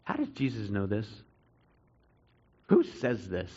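A man preaching a sermon to a congregation, earnest, swinging between loud emphatic stretches and quiet reflective ones. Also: on the low side, wildly swooping pitch, takes it slowly, husky, lo-fi sound. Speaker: pastor.

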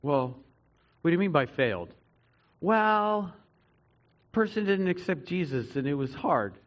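A man preaching a sermon to a congregation, earnest, swinging between loud emphatic stretches and quiet reflective ones. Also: on the high side, sing-song, unhurried, dull audio. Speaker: pastor.

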